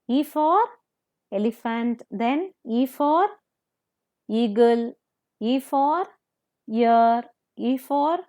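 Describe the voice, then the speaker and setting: Slow, patient woman teacher. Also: high voice, mellow. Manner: patient, repeats words and meanings, asks children questions. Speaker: primary school teacher. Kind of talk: slow classroom explanation to children.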